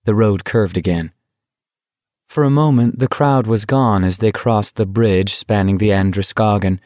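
A man reading a novel aloud in measured, even audiobook narration. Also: on the low side, dry recording, clean studio sound. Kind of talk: scripted narration.

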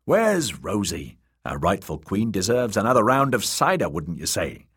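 A blustering, rowdy young drinker booms out over his cup, played by a male narrator. The voice is raised and brash, with a husky grain. He sounds ready to pick a fight or call for another round. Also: big pitch swings, normal speed, no room sound, clean studio sound, exaggerated voice. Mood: boisterous. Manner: loud, boisterous, blustering.

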